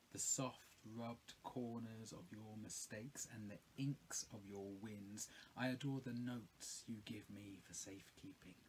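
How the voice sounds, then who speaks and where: A man voicing a gentle, caring pencil case in a soft, hushed way. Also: lowish voice, a little hiss or hum, poor audio.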